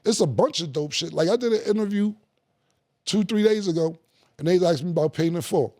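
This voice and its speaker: A middle-aged man, a guest in a podcast studio, telling stories in a casual, animated way with plenty of slang and profanity and acting out other people's lines. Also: high voice, fairly quick. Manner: animated, acts out quoted dialogue, heavy slang and profanity. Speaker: guest rapper in a studio conversation. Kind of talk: casual storytelling.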